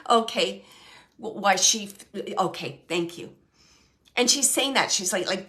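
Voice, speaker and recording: A middle-aged woman giving a mediumship reading, relaying a spirit's message in halting, searching speech full of fillers and repeats, sometimes hushed and sometimes brighter. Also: mid-range voice. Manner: soft and hushed at times, then brighter and laughing.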